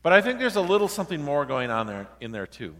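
A male pastor preaching a sermon in a relaxed, conversational, storytelling way, acting out the quoted dialogue. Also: a little high, fast, big-room sound.

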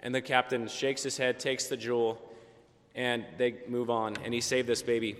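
A man preaching a Christmas sermon, telling a story gently and dropping softer for quieted moments. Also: mid-range voice, little pitch movement, moderate pace. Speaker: pastor. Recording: long church reverb.

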